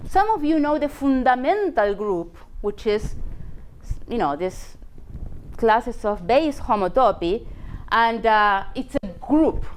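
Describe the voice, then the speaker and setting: A woman teaches math in a lecture hall, walking through each step with frequent "you know"s. Her voice sits high and moves a lot in pitch. Faint room noise runs underneath. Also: animated, slow.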